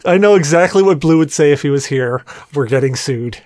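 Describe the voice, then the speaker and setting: A man hosting a casual podcast who teases his guests with crude jokes. His voice swings up and down a lot in pitch, and the sound is close and dry with no room echo. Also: animated, brisk, darkish tone. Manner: joking, teasing, introduces each guest. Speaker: podcast host.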